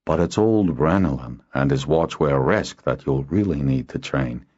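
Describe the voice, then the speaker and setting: A man voicing a calm, reassuring male dragonrider in an audiobook. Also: a bass voice, moderate pace, slightly rough, heavily acted. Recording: dull lo-fi audio.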